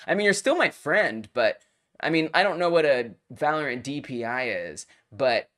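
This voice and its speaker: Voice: medium pitch, unhurried. Casual streamer: live gameplay commentary, easily worked up, playful and jokey. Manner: excitable, swings from mock rage to giggly chatter; playful made-up exclamations. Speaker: live-stream host playing game jam entries. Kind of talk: live game-playing commentary.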